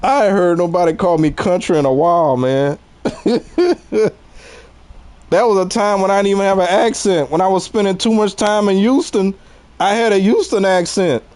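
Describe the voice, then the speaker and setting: A man's voice: sits high, normal speed, darkish tone. A man in his forties with a Southern US accent, chatting casually with his viewers while streaming a game and laughing often. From Louisiana. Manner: laid-back, laughs often, talks to chat. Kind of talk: casual chat while gaming.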